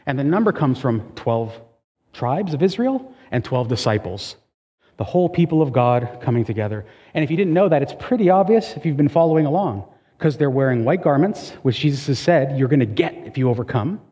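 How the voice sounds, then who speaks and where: A man preaching a sermon as pastor, talking to the congregation in a conversational, emphatic way with quick asides. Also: mid-range voice, warm tone, slightly rough, in a large hall.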